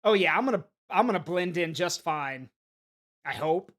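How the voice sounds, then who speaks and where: A man's voice: a little high, expressive, normal speed, a bit bright. A man streaming a game, rambling casually with laughs and swearing. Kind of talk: casual gameplay commentary.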